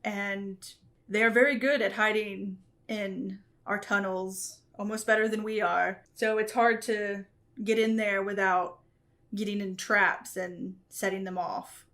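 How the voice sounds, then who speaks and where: A woman voicing a stoic, gruff male dwarf king who speaks with measured courtesy. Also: mid-range voice, fairly even intonation, a bit bright. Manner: courteous, measured royal speech.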